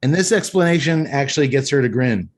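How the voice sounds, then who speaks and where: A man in an average pitch talks eagerly through a movie on a casual podcast. He retells the scenes and mixes in his own opinions as he goes. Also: lively intonation, a little fast. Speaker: podcast host. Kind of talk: casual film recap and review chat.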